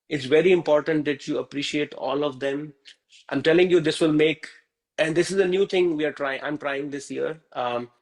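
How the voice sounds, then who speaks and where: A man's voice: fairly high pitch, poor audio. Patient male teacher. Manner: patient, checks in often with "right?" and "okay?". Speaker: Hindi teacher. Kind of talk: live online class.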